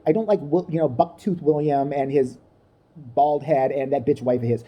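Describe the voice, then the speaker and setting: A woman's voice: low-pitched, normal speed, mellow, slightly rough. A woman ranting in a crude, mocking comedic style, acting out the people she talks about. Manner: crude, mocking, acts out voices. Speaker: comedic commentator. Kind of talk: profane comedic rant.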